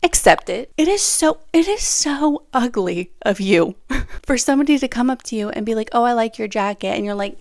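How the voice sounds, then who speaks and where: Chatty young woman with a gravelly edge. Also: a little high, fairly quick, no echo, clean studio sound. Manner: animated, chatty, laughs often, acts out quotes. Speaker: podcast host. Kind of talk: casual solo podcast advice.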